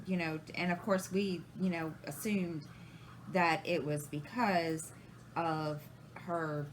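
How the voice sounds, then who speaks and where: A woman's voice: low voice, fairly even intonation, slow, a little hiss or hum, rough recording. A woman, chatting casually to her viewers and rambling through a family story, acting out past conversations. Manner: rambling, retells conversations, many restarts. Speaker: crafting channel host.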